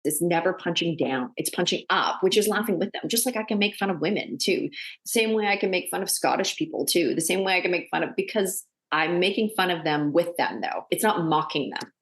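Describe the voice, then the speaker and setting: A woman with a notably low voice chats easily on a podcast, spinning animated family stories. She laughs at her own anecdotes and keeps a conversational flow. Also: brisk. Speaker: guest actor and director.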